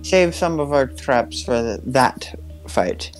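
A man playing a tabletop game, talking through a plan in halting, filler-filled speech. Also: medium pitch, expressive, soft background music, rough recording. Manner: halting, many pauses and fillers. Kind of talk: in-character party planning.

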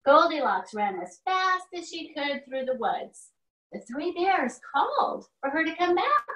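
Woman preschool teacher reading a story aloud: high, lively, slow and distant in an echoey classroom. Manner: slow, animated, expressive read-aloud.

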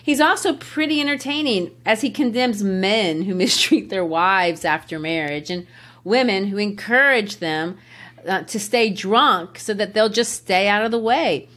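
Woman literature teacher, podcast host, very animated intonation. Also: medium pitch. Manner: explanatory, laughs easily. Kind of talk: educational literature discussion.

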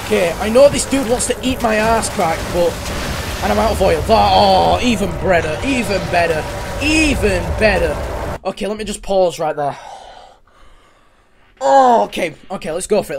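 High-voiced young man screaming at horror. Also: animated, normal speed, vocal fry, background noise. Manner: jumpy, screams and rambles in repeated phrases. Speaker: gaming YouTuber. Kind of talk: horror game let's play commentary.

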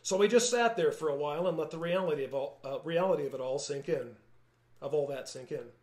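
A man, the author, reading his own novel aloud in calm, measured first-person narration. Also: fairly high pitch, echoey room. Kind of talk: audiobook-style narration.

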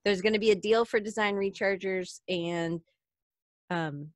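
A woman's voice: mid-range voice, steady tone, measured pace, dry recording. A woman hosting a podcast in a casual chat, giggly and chatty, reading out listener comments. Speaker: podcast host.

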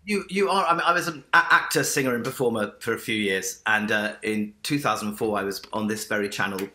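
A man's voice: lowish voice, fairly quick, bright, forceful tone, reverberant. A middle-aged man with a posh English accent, a vocal coach telling his story as an interview guest in a theatrical, effusive way. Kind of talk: enthusiastic interview answers. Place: remote link from home with piano.

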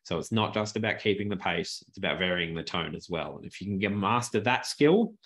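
A man's low-pitched voice comes through a good desk microphone as he teaches presentation technique in a webinar from his home office. His manner is animated, and he deliberately plays with pace and tone.

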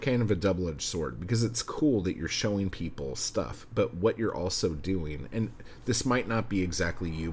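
A man with a very low voice hosts a solo podcast and chats loosely with his listeners. His talk is blunt, full of swearing, and encouraging. A faint hiss sits behind him. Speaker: podcast host. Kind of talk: casual solo podcast chat.

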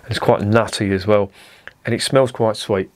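In this laid-back beer-review vlog, a man with a somewhat low, mellow voice wanders off on tangents, saying um often and swearing now and then. He keeps a steady tone and talks at normal speed, chatty, rambling and unpolished.

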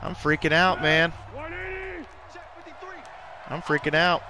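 A young man giving excitable live commentary while playing a football video game, full of exclamations and mild curses. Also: on the high side, slow pace, crowd noise. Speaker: gaming YouTuber.

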